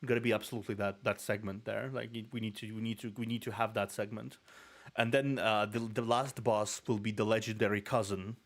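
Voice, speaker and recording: A man's voice: lowish voice, fairly even intonation, fairly quick. Russian-accented man rambling on stream. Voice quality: rolled R's. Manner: rambling, laughing, many restarts. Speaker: VTuber streamer. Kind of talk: casual reaction stream.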